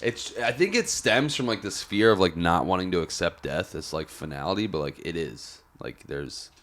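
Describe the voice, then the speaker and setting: A man's voice: low-pitched, expressive, normal speed, fairly bright tone. A young man on a podcast, telling a long personal story in a rambling, profane, casual way. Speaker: podcast co-host.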